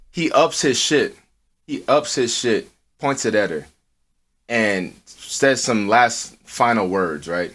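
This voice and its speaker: Man telling a story on a podcast. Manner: swears a lot, animated, acts out quotes in a high voice. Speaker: podcast co-host. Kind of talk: casual storytelling. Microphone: earphones with mic.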